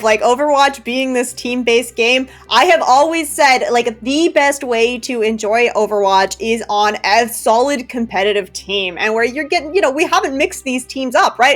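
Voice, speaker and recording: An upbeat woman casting a live game, enthusiastic and warm-hearted in her commentary, with faint music behind. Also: high voice, moderate pace, few pauses. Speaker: esports caster.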